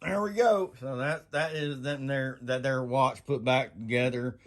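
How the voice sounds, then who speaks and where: A man hosting a casual workbench vlog, rambling and laughing, breaking into sudden high whoops. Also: flat delivery, measured pace. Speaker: channel host. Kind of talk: casual tool-bench vlog.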